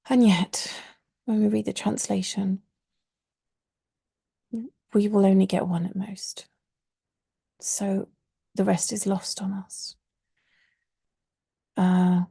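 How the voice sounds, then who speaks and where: A woman's voice: mid-range voice, creaky, mellow, slightly rough, no room sound, clean studio sound. A woman teaching an online Arabic course, explaining earnestly and stressing key words, with religious phrases woven into her teaching.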